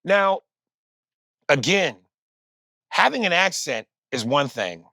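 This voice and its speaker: A man with a New York accent, a comedian and podcast guest, telling stories in lively, profane conversation. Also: a little high, unhurried, pauses often, no echo, clean studio sound. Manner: animated comic storytelling, profane. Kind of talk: casual conversation.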